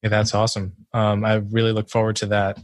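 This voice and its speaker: A young man hosting an interview, his voice fairly low and quite flat in pitch. He speaks casually and amiably, with a few ums. The recording is close and dry. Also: a little fast, no echo. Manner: casual, friendly with fillers. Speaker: podcast host.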